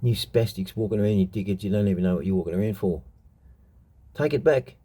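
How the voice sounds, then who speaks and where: A middle-aged Australian man rants in an unscripted monologue, blunt and full of swearing. His voice sits low, with a very dark, mellow tone and a husky edge. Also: fairly even intonation, rapid-fire. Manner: blunt, heated, profane ranting. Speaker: show host telling stories.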